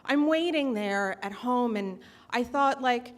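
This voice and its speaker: A woman's voice: fairly high pitch, takes it slowly, slight background noise. A woman telling a personal story live on stage into a microphone, in a chatty, self-mocking way full of fillers.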